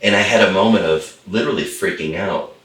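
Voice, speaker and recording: A man's voice: sits low, fairly quick, fairly bright tone, reverberant, distant mic. A middle-aged man, a holistic chiropractor and guest, telling a story with enthusiasm and repeating phrases for emphasis. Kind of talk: animated storytelling in a conversation.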